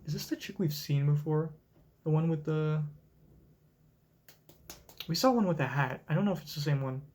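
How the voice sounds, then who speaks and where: Excitable young man reacting live. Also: on the high side, moderate pace. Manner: excitable, profane, thinking aloud. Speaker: reaction streamer. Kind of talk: live manga reading reaction.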